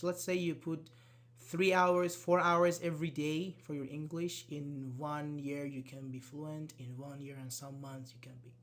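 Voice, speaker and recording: Higher-voiced man teaching English online. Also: a bit bright. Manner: non-native English speaker, loose grammar, repeats words; casual, talks directly to students. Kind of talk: live online class, answering chat questions.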